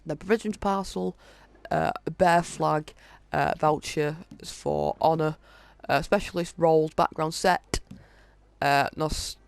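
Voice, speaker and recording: A man hosting a gaming video, casually reading through a list of in-game items with many halting fillers. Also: a little high, steady tone, vocal fry, smooth, no room sound. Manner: reads off item lists, halting with frequent fillers. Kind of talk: casual game walkthrough commentary.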